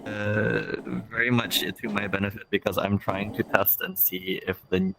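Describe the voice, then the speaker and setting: A man's voice: fairly low pitch, fairly even intonation, normal speed, noisy background. A man chatting casually as a guest on a stream, hesitant and full of fillers, with music behind him. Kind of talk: casual chat.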